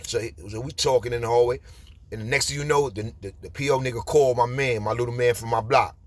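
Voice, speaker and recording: A man in his forties with a New York accent, telling street stories in a casual, animated way. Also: mid-range voice, fast. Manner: streetwise, animated, repeats "you heard?". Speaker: storyteller. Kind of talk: casual storytelling.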